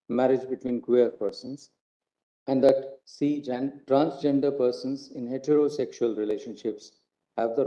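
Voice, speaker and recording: A judge with an Indian English accent reads a separate opinion in a formal, careful manner. His voice sits mid-range and sounds very dark. The recording is dull and lo-fi. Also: mid-range voice. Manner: formal, careful reading with small self-corrections. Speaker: judge reading a judgment. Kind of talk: reading a court judgment aloud. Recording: dull lo-fi courtroom broadcast.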